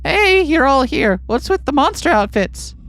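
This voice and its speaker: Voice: sits high, big pitch swings, unhurried, noisy background. A game player commenting and reading game text aloud in a playful, joking way. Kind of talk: let's play commentary and reading.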